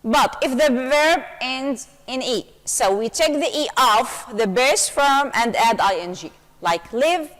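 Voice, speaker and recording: A woman English teacher, her voice sitting a little high, walks through grammar rules slowly and patiently. She keeps slipping in "okay" as she explains each step. The recording carries a long, hollow reverb. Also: lively intonation, a bit bright. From Syria. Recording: long reverberant room echo.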